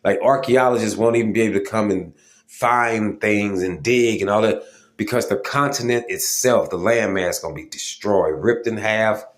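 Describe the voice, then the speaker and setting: Man, low register, casual preaching monologue, emphatic, keeps checking in with listeners. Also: moderate pace. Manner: informal and emphatic, with many fillers and "okay?" check-ins. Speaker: religious video host.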